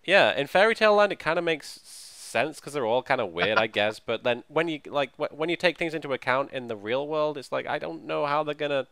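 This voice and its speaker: A man's voice: fairly high pitch, lively intonation, fairly quick, vocal fry, few pauses, a bit bright, clear, resonant tone, no echo. A man co-hosting a podcast, chatting casually about a TV episode in a chatty, hedging way with frequent restarts. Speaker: podcast co-host. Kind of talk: casual TV recap chat.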